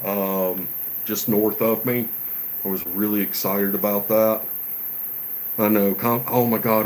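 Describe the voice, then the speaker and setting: A man with a fairly low voice talks slowly and easily, in a relaxed, folksy, rambling way. He is a gunsmith chatting on a casual livestream. A faint hiss of noise sits under his voice. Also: low-quality recording. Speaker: gunsmith and shop owner.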